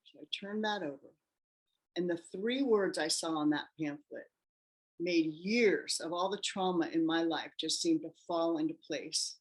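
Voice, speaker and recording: Her voice a little on the low side and her pace measured, a woman guest recounts her personal story in an interview, bringing quoted people to life with their own voices in an animated delivery.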